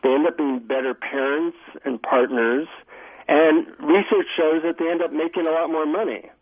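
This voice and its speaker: A middle-aged man, an author being interviewed, telling animated stories with many fillers. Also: a little high, normal speed, slightly rough. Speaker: author and guest. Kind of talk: phone interview storytelling. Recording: tinny phone line.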